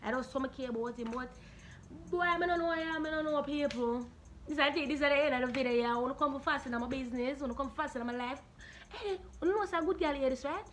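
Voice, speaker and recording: Jamaican woman, high voice, blunt animated vlog answers, faint room noise. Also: fast. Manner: animated, blunt, Patois-laced storytelling. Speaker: YouTuber answering viewer questions. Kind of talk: casual Q&A vlog.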